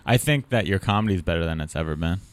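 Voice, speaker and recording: Male podcast host, comedian, very deep voice, dry teasing, casual chat. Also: animated, fast talker, clean tone, no room sound. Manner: dry, teasing, asks pointed questions.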